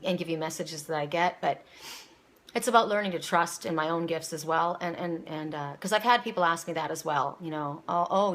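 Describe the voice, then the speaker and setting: A woman's voice: fairly low pitch, fairly bright tone. A woman giving a casual, rambling spoken oracle reading, repeating her words and near tears at times. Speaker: psychic reader. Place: home, seated.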